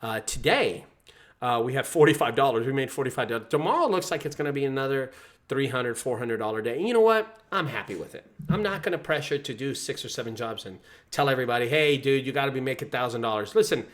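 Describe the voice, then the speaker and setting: A man's voice: mid-range voice, quick pace. A man who runs a junk removal business, talking casually to camera and telling stories with acted-out quotes. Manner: animated storyteller, acts out quoted voices.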